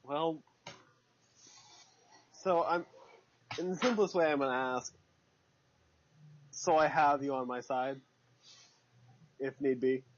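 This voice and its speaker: A man's voice: on the high side, slow pace, long pauses. A man playing a tabletop role-playing game, talking casually in a rambling, hesitant, jokey way. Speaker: player. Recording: lo-fi dull recording.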